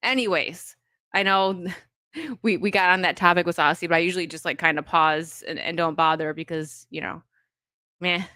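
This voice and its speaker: Bright-voiced American woman streamer, rambling. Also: lowish voice, moderate pace, no echo. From United States. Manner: rambling, many fillers and restarts, laughs often. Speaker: live streamer. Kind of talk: casual live-stream chat, reading viewer donations.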